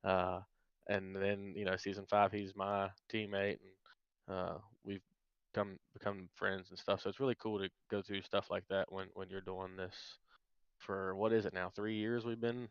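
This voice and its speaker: A man's voice: low voice, little pitch movement, normal speed, clean tone, no room sound. A man who races in a sim league, chatting casually and rambling upbeat on a podcast over a dull lo-fi mic. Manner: rambling, upbeat, restarts a lot. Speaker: sim racing league driver.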